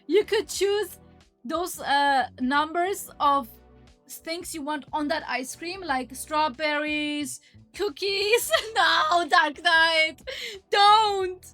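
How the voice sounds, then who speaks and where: Excitable high-voiced woman streamer. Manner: excitable, breaks into high squeals. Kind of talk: casual stream chat over her recap edit.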